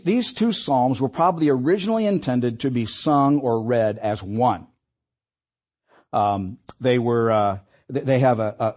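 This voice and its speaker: Husky-voiced male pastor preaching. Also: mid-range voice, darkish tone. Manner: earnest, conversational preaching with fillers and restarts. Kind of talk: sermon.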